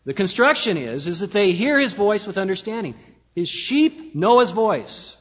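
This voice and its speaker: A man preaching a sermon in a church, measured and slowing down to stress key words. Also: sits high, big pitch swings, a bit bright. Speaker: pastor. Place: church sanctuary. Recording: dull lo-fi sound with long hall reverb.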